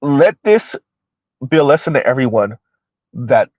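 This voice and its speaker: A man hosting a casual livestream, talking directly to his viewers and slowing down to make his points very deliberately. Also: mid-range voice, lively intonation, a little mellow, dry recording, highs cut off. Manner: addresses viewers directly, slows down to stress points; refers to himself in the third person. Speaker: livestream host reading chat comments.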